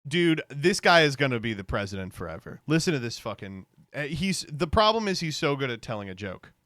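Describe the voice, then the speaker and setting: A male streamer rambles through casual reaction commentary, cursing freely and laughing often. His voice is smooth and resonant. The sound is close and dry, with no room echo. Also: medium pitch, very animated, fairly quick, fairly bright tone, a faint crowd.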